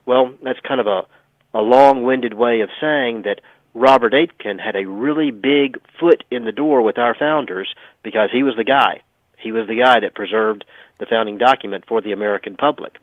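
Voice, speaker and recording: Male radio guest on a phone line, emphatic storyteller, mid-pitched, dry tinny sound. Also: normal speed, dry recording. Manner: emphatic, sarcastic storytelling with repeated phrases. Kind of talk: radio talk show history explanation.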